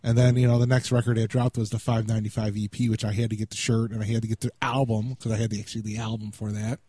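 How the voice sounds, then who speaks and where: A man's voice: fairly low pitch, flat delivery, fast, dark tone, husky, dry recording. A man hosting a casual interview, chatting like a fan with rambling fillers.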